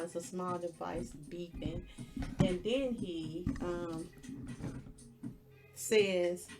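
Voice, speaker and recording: A podcast host with a fairly low-pitched, darkish voice recaps a show's plot in a casual storytelling style. She plainly retells the scenes step by step, like a casual movie recap.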